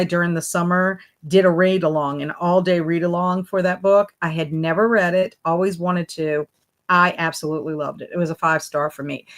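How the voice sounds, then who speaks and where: Lady on a book livestream, chatty and upbeat, sing-songy hellos to viewers, middle-aged. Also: mid-range voice. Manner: chatty and upbeat, greets viewers by name with a sing-song lift. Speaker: booktube host. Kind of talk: casual livestream chat reading viewer comments.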